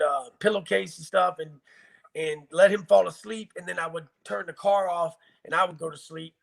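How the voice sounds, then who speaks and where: Gravelly, higher-voiced man telling his story. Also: a bit bright. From Virginia, US. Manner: blunt, profane, emotional retelling. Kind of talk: casual storytelling interview.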